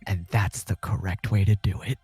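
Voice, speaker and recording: A man doing a smug boastful tavern man, lower voice. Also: fairly even intonation, moderate pace, a little mellow, breathy edge, dry recording, soft background music.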